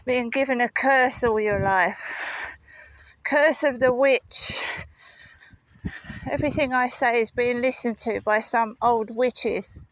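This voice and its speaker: A woman's voice: on the high side, takes it slowly, no room sound, low-quality recording. A woman walking her dog outdoors, rambling and muttering asides with some swearing into a handheld camera. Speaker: vlogger. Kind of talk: casual walking vlog commentary. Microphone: handheld camera while walking.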